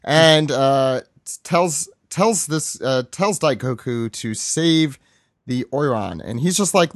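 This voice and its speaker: Guy on a podcast rambling through a comic recap, pitch bouncing all over, dry close sound, does little voices for quotes. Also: lively intonation, takes it slowly, no room sound. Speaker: podcast host. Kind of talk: casual chat recapping a comic chapter.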